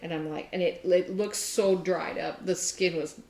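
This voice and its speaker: A middle-aged woman co-hosting a crafting chat, telling a story with lively acted-out quotes. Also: fairly low pitch, moderate pace, reverberant. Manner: animated storytelling, acts out quotes. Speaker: crafting podcast co-host. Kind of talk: casual chat.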